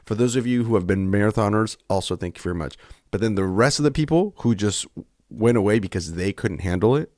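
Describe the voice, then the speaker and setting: A man's voice: lowish voice, a little fast, darkish tone, dry recording, studio quality. A man co-hosting a podcast, talking earnestly and at length in a candid, emotional conversation, often breaking off and restarting. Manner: earnest, rambling, self-interrupting. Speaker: podcast co-host.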